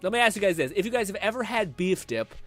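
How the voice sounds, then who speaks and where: Young male streamer, animated, rambling chat, a little high, music bed underneath. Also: quick pace. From Canada. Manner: rambling, laughing, swearing, animated. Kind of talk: casual chat reading viewer comments.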